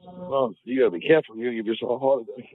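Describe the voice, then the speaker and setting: A man's voice: medium pitch, fairly even intonation, quick pace. A man co-hosting a podcast, needling his partner in casual, profane banter with a sarcastic edge. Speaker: podcast co-host. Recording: phone-like lo-fi audio.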